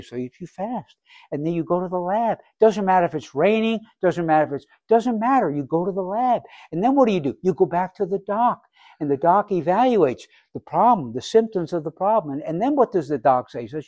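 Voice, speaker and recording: A man's voice: on the high side, animated, fairly quick, no room sound, lo-fi sound. Preaching man with a dry, close sound. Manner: rhetorical questions, acts out little scenes, swings from quiet to loud. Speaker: pastor. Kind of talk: sermon. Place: church sanctuary.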